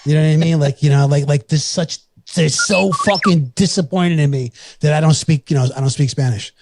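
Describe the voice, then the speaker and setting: A man's voice: on the high side, a little fast, over music. A man, co-hosting a podcast, rambling, swearing and laughing easily. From New York. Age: 40s. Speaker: podcast co-host. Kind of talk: casual chat.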